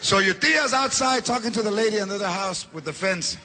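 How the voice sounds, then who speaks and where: A man doing stand-up, telling an animated family story. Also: high-pitched, fairly quick, a little hiss or hum. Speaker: stand-up comedian.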